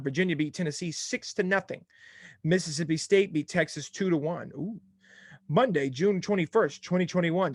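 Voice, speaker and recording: A man's voice: a little high, no echo, studio quality. A young man hosting a casual sports podcast, rattling off game results in a jokey, scattered way. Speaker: podcast host.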